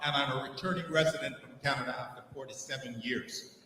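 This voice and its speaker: A man's voice: mid-range voice, quick pace, pushed and bright, a little hiss or hum. An older man asking an earnest, emphatic question from the floor of a conference, restarting phrases as he goes. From Caribbean island. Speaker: audience questioner. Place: conference hall. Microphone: floor microphone. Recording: echoey hall from far off.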